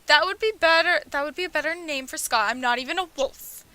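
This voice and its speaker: A woman's voice: high-pitched, brisk, pushed and bright. A young woman streaming a dating game, reading its text and dialogue aloud with playful, cheeky commentary. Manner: playful, reads character lines in her own voice, laughs and swears.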